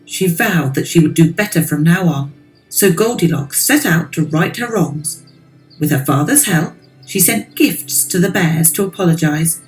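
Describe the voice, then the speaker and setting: A woman narrating a children's storybook in a slow, expressive, lilting way. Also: fairly low pitch, soft background music, poor audio.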